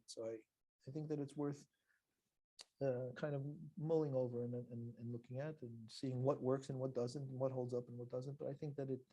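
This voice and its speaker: A man, a rabbi, teaching a religious lesson as an animated storyteller who laughs between lines. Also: mid-range voice, breathy edge.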